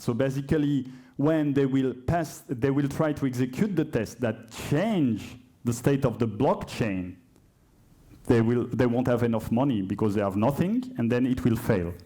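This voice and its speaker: A conference speaker with a French accent runs a live coding talk in a conference hall, speaking at a measured pace in a dark, mid-range voice. He is hesitant, self-correcting and prone to chatty asides.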